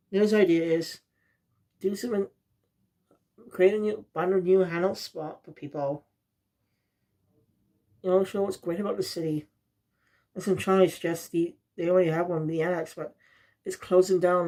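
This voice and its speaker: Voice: medium pitch, darkish tone. A reviewer from South Wales, talking in a rambling, casual way and often losing the thread.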